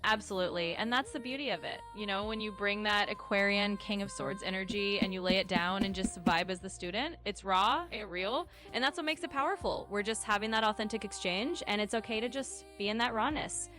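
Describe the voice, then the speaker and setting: A woman co-host answering in a smooth, reassuring, agreeable way. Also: mid-range voice, a little fast, few pauses, sharp tone, soft background music. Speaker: affirming co-host.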